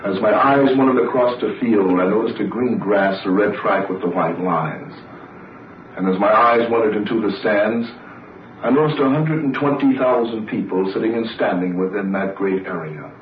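A man, an Olympic sprinter, recounting his race in a deliberate, oratorical way, on an old archival recording. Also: lowish voice, a little hiss or hum. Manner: deliberate, oratorical, repetitive phrasing. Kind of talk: dramatic personal recollection. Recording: roomy, distant, old lo-fi recording.

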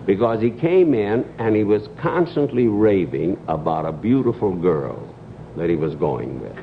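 An older man, a guest comedian, telling anecdotes on a talk show with a dry, measured delivery and pauses. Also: fairly low pitch, animated, creaky. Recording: dull old TV audio with hiss.

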